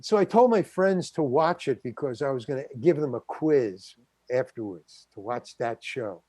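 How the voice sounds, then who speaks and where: An older man, a guest actor, telling a story in an interview, animated, stammering and acting out the other people's voices. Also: medium pitch, moderate pace, slightly rough, no echo. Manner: animated, acts out quoted voices, stammers and restarts.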